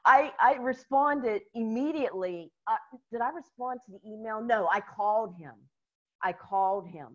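An American woman, a guest in a casual interview, telling stories in an animated way and laughing often. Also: on the high side, normal speed, highs cut off. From United States.

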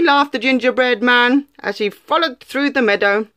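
A woman reading a children's story aloud in an expressive, lively way. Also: a little high, moderate pace, few pauses, dry recording.

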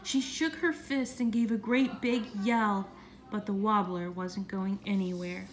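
A woman reading a children's storybook aloud in an expressive, animated way. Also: medium pitch, measured pace.

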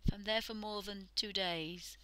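A woman's voice: mid-range voice, steady tone, normal speed, clear, resonant tone, no echo, low-quality recording. A woman from the UK hosting a live art stream, talking casually and often half-whispering as she demonstrates drawing. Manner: soft, often half-whispered while working, chatty with fillers. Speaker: art livestream host.

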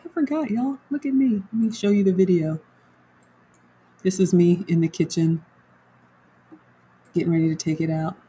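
A woman's voice: lowish voice, moderate pace, long pauses, mellow, slight background noise, poor audio. A woman home cook chatting casually on a livestream, walking viewers through her cooking and reading their comments aloud.

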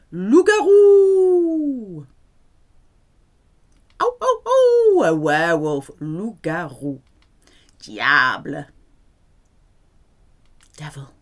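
A woman's voice: deep voice, fairly bright tone. A woman teaching French vocabulary, speaking patiently and repeating words with careful pronunciation. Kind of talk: vocabulary lesson.

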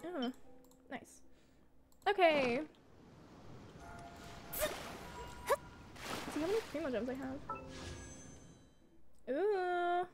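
A woman's voice: very high-pitched, lively intonation, very slow, pauses often, loud music behind the voice. A young woman streamer chatting casually to herself while playing a game, swearing when she loses. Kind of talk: casual gaming livestream chat. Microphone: desk mic, wearing headphones.

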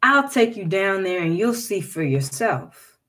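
A woman's voice: medium pitch, big pitch swings, a little slow, fairly bright tone. Eager talkative man, earnest dreamer, pleading, folktale reading, woman doing the voice.

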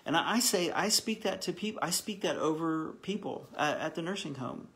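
A man's voice: on the high side, lively intonation, a bit bright. A pastor leading a live online Bible study in an earnest, encouraging, heartfelt way, often stopping and restarting his sentences. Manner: halting with frequent restarts.

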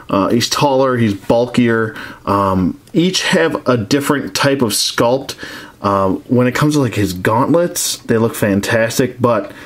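A man's voice: fairly low pitch, a little hiss or hum. A man casually reviewing action figures, rambling with many restarts and frank complaints.

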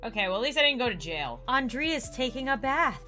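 Animated high-voiced woman gamer. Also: brisk, music in the background. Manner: dramatic, swings between loud mock outrage and low muttering. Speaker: gaming YouTuber. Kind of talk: playful gaming commentary.

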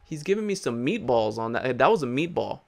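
Young male gaming host, average-pitched voice, playful trash talk over his ballgame, breaks into rapid repeated cheers. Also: vocal fry. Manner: hyped, jokey, trash-talks the game characters; repeats words in excited bursts. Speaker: gaming YouTuber. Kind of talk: live gameplay commentary.

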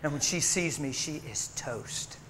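An impassioned male preacher tells his stories in a high, ringing voice. His bright tone cuts through a faint hiss, and he laughs easily between his points. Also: unhurried. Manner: impassioned storytelling with frequent laughter. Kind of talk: sermon.

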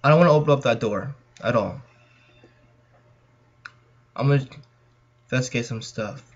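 A man's voice: mid-range voice, moderate pace, husky. A young man with a Californian accent, chatting nervously to viewers as he plays through a horror game. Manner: jittery, chatty, talks to viewers. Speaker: gaming channel host. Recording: dull lo-fi mic.

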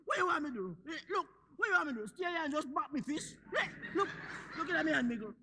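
An actor, playing a frustrated, hot-tempered old husband in a stage comedy. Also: male voice, very high-pitched, big pitch swings, fast talker, noisy background, full character voice. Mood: pleading. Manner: wheedling, then blustering.

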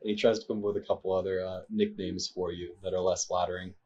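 A low-voiced man narrates a tabletop game as its game master, often pausing on fillers. His mic sounds dull and lo-fi. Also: flat delivery, a little mellow, husky. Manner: hesitant, filler-heavy narration.

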